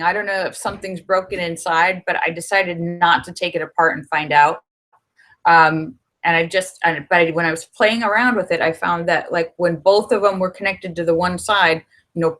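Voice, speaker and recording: A middle-aged woman chatting on her livestream, telling a story and acting out what people said. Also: lowish voice. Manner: chatty storytelling, animated when quoting people. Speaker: livestream host. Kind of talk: casual livestream chat. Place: her home in Los Angeles.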